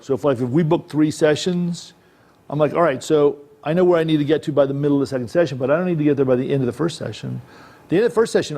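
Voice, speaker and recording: Man, acting coach, fairly high voice, mellow tone, chatty workshop talk. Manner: conversational, checks in with listeners. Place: presentation room.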